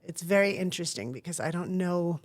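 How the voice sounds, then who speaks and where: A woman's voice: fairly low pitch, a little fast. A woman talking as an interview guest, an acting teacher who tells personal stories in an earnest, reflective way and acts out the voices she quotes.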